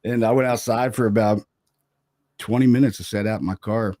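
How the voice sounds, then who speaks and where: Deep-voiced man telling a ghost story. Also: fairly even intonation, fairly quick, mellow, no room sound, clean studio sound. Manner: loose and chatty, full of "man" and "you know". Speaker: paranormal investigator guest. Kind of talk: casual storytelling.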